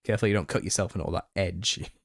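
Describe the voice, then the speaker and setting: A man hosting a live Q&A stream, reading viewer comments and answering them with exasperation and laughter, his voice a little raspy. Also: deep voice, quick pace, a bit bright, no room sound, clean studio sound. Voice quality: slightly raspy. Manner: reads out chat comments and retorts, exasperated, laughing. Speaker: channel host answering viewer questions.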